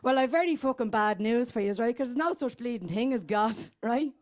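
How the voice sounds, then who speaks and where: A woman's voice: a little high, expressive, a little fast, natural voice. A woman doing Growler, a crude old Dubliner. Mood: bawdy. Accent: Dublin Irish. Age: 80s. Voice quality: crude, rambling, streetwise. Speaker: comedy character guest. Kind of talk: stand-up character monologue.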